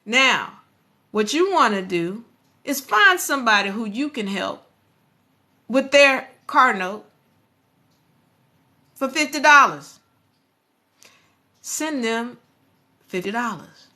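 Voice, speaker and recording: A woman hosting a motivational live stream, talking in an animated, preachy way and speaking straight to her viewers. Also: fairly high pitch, takes it slowly, pauses often.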